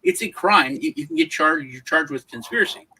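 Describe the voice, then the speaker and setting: A man's voice: fairly high pitch, brisk, breathy edge, rough recording. An American man co-hosting a casual podcast discussion, telling stories with lots of restarts and repeated words. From United States. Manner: animated storyteller. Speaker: podcast co-host.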